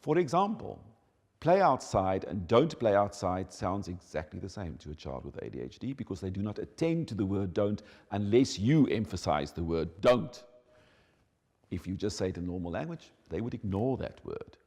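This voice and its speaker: Male educator, deep warm tone, expressive teaching delivery, reverberant hall. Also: moderate pace. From South Africa. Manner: animated, emphatic teaching delivery. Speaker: educator on child development. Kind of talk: explanatory talk.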